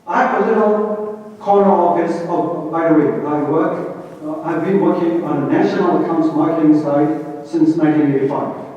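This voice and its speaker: A man's voice: a little high, steady tone, normal speed, a little mellow. Man with a Chinese accent, echoey hall. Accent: Chinese-accented English. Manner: anecdotal, quotes his bosses, rhetorical questions. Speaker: conference speaker. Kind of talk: motivational talk to an audience. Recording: distant, echoey hall, dull lo-fi sound.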